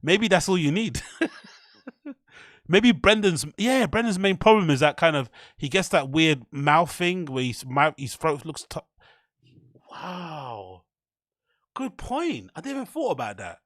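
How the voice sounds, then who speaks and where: A British man running a livestream, reacting on the fly in a blunt, rambling way with plenty of swearing. His voice sits a bit high for a man. The sound is dry and close, with no room around it. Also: big pitch swings, measured pace, fairly bright tone, dry recording. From United Kingdom. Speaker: livestream host.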